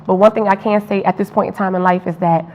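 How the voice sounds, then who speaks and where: A woman interviewing a guest in casual conversation, encouraging and quick to affirm what he says. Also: medium pitch, fairly even intonation, darkish tone. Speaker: student interviewer. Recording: dull lo-fi recording.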